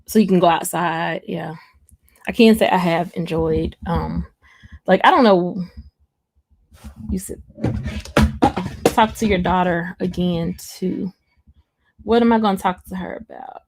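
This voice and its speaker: A woman's voice: on the low side, steady tone, unhurried, vocal fry, pauses often, a little mellow, a little hiss or hum. A young Southern woman hosting a casual livestream, chatting and reading out viewer comments with frequent laughs. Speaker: livestream host.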